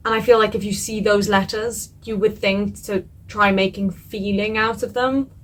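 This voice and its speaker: A young woman talks straight to her camera, thinking aloud as she weighs her options and keeps laughing at her own indecision. Her voice sits at a middling pitch, with a faint hiss of noise under the recording. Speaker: vlogger doing a home game challenge. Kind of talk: casual talking-to-camera vlog.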